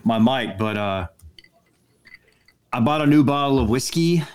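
A man co-hosting a podcast, telling stories in loose, halting banter. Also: medium pitch, animated, darkish tone. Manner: rambling storyteller, halting with fillers. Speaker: podcast co-host.

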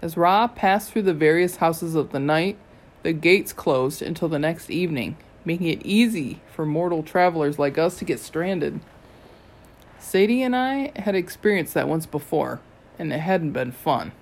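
A reader giving a steady, first-person audiobook narration. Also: medium pitch.

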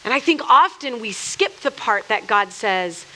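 A woman's voice: a little high, animated, measured pace, sharp tone, a little hiss or hum. A woman giving an earnest, conversational sermon to a group in a room, chatty and full of restarts, acting out quotes as she goes. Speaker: speaker leading a church workshop.

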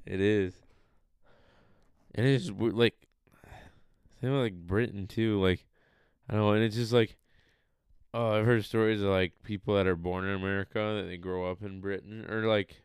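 A man's voice: on the low side, steady tone, normal speed, pauses often, smooth, no room sound, clean studio sound. A man co-hosting a casual podcast, loose and agreeable, peppering his talk with "like" and "whatever". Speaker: podcast co-host.

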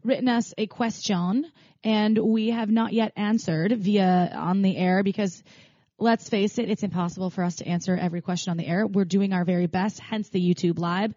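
A woman's voice: medium pitch, steady tone, normal speed, dark tone, no room sound. Woman co-host for casual podcast chat, talkative, easy laugh, dry slightly muffled sound. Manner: chatty, laughs easily, many fillers.

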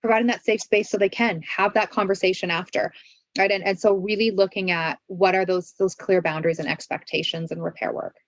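A woman's voice: medium pitch, fairly even intonation, a little fast, dry recording, rough recording. Earnest woman coaching parents, rhetorical questions. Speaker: parenting expert guest. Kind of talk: conversational interview advice.

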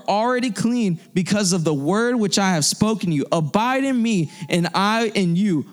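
A man's voice: sits high, expressive, normal speed, few pauses. A young adult man preaching a sermon to a youth group, fervent and repetitive, restarting phrases for emphasis.

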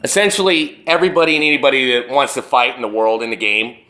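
A man's voice: medium pitch, fast, bright, forceful tone. A man hosting a solo podcast, talking in a rambling, profane and emphatic way. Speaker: podcast host. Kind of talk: casual solo podcast rant.

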